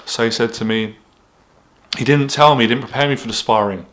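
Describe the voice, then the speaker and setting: A man's voice: mid-range voice, fairly quick, fairly bright tone. A man, an anxiety coach talking straight to camera in a blunt, candid way, swearing freely. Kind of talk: motivational vlog monologue.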